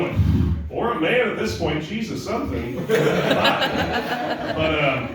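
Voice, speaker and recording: A man's voice: high-pitched, big pitch swings, takes it slowly. Young guy doing raunchy standup, mic kinda far, really echoey noisy room. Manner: crude, rambling, self-mocking. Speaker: stand-up comic. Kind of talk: live stand-up set. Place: comedy club stage.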